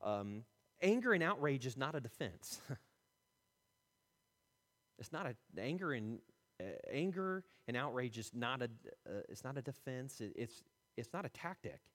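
Male pastor, sermon delivery, very expressive pitch, playful asides, long hall reverb. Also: a little slow, pauses often. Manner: animated, acts out quotes with shifting pitch and loudness.

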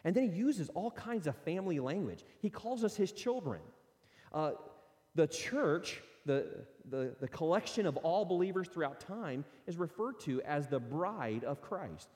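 Earnest guy teaching parents, bit high, swoops a lot, echoey. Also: animated, measured pace, a little mellow. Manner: earnest, conversational, acts out parent and child quotes. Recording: long reverb.

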